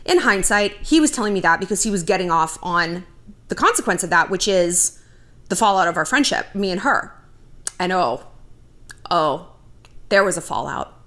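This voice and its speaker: A woman's voice: fairly low pitch, lively intonation, normal speed, pauses often, a bit bright. A woman in her thirties hosting a vlog, telling a personal story to the camera in a blunt, profane way with dry sarcasm. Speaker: vlog host.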